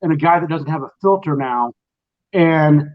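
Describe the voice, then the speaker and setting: A man's voice: a little high, normal speed, lo-fi sound. Rambling middle-aged man hosting a chat. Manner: rambling storyteller, animated. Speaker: host. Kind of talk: casual late-night chat.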